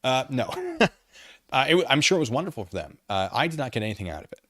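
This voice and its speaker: Animated rambling male streamer. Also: mid-range voice, fast, dry recording, clean studio sound. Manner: rambling, animated, self-mocking. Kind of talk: casual livestream chat.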